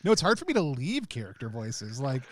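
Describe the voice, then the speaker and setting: A man's voice: mid-range voice, big pitch swings, brisk, no echo. A man playing in a tabletop game, chatting casually between turns. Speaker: player. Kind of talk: casual chat.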